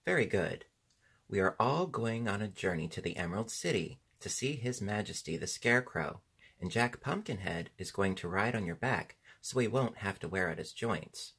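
A practical, impatient young boy, as a male reader puts him on, brisk and commanding as he gives orders. The reading voice stays low and a little husky, with lively swings of pitch, for a storybook audiobook. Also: exaggerated voice. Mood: bossy.

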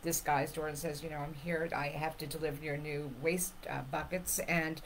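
A woman's voice: deep voice, little pitch movement, moderate pace, slight background noise, poor audio. A middle-aged woman co-hosting a casual chat, telling funny stories animatedly and acting out the people she quotes.

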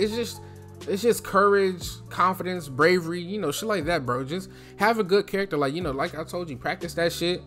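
A man's voice: high-pitched, a little fast, a bit bright, soft background music. A young man from New Jersey giving casual advice in a loose, slangy, chatty way, speaking from his throat.

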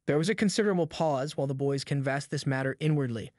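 A man narrating a classic novel as an audiobook in a steady storytelling manner with a hushed, spooky build. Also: medium pitch, fast, no echo, studio quality.

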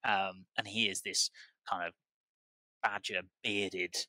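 A man with a British accent, a truffle grower chatting as a podcast guest, telling stories in a rambling, animated way with frequent restarts and repeated words. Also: on the low side, slow, dry recording, rough recording. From United Kingdom. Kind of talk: casual conversational storytelling.

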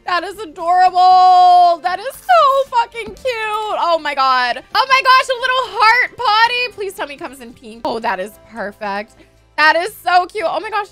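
A young woman streamer chatting casually while playing a life-simulation game, gushing excitedly and swearing freely. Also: high-pitched. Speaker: gaming streamer. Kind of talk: casual let's-play commentary.

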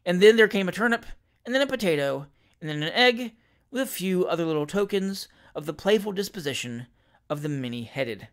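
Brief: male reader narrating a classic novel, higher voice, measured and expressive. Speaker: audiobook reader.

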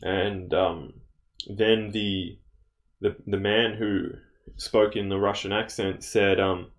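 A man's voice: lowish voice, level tone, slow. A young man recounting a dream as a casual spoken testimony, rambling with many fillers and restarts.

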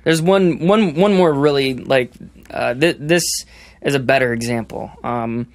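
A young man with a slightly gravelly voice walks through rhythm ideas on a podcast, humming out the beats as he goes. He backs up and restarts often, thinking aloud. The sound is dry and close. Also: medium pitch, unhurried, dry recording. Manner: explains by singing rhythms, many fillers and restarts. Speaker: drummer guest. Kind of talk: podcast interview, explaining rhythm.

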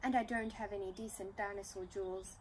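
A woman's voice: mid-range voice, fairly even intonation, a little fast, slight background noise, close to an everyday voice, low-quality recording. A woman voicing a shy young female dinosaur heroine in a storybook, eager and wide-eyed. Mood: wistful.

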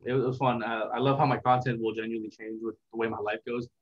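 A young man giving a casual interview as a content creator, talking in a relaxed, rambling, reflective way. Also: mid-range voice, fast talker. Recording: dull lo-fi sound.

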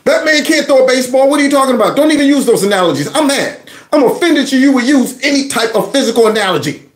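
A man's voice: extremely high pitch, very animated, quick pace, roomy sound. A man hosting a reaction commentary, laughing and sarcastic as he mocks a clip. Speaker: host.

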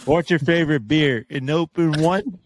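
A man co-hosting a casual podcast, rambling and halting with frequent restarts and casual swearing. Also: on the high side. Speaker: podcast co-host. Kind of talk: casual chat.

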